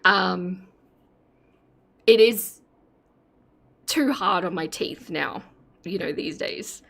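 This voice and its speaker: A woman's voice: on the low side, very slow, creaky, a bit bright. An Australian woman in her forties, chatting casually with her live-stream audience and giggling often. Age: 40s. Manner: giggly, breaks into laughter often.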